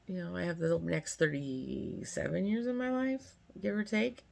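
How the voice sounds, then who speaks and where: A woman in her fifties from California spins a casual story time. Her voice sits low with a gravelly edge. She rambles in a friendly, chatty way and leans on fillers. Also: sing-song, normal speed, darkish tone, a little hiss or hum. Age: 50s. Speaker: vlogger.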